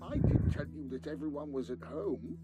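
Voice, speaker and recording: A woman voicing a cheerful older male scientist uncle on the phone, with a breathy voice. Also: sits low, normal speed, music in the background, voice pushed down, natural voice. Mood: teasing.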